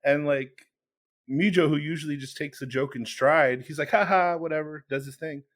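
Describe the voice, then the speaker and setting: Male podcast co-host, casual animated storyteller, slightly high voice. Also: moderate pace. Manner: animated, laughs while telling stories.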